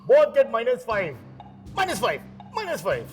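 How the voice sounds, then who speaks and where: A man's voice: extremely high pitch, wildly swooping pitch, normal speed, soft background music. A man hosting a quiz show, teasing the teams with joking asides between questions. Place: TV studio.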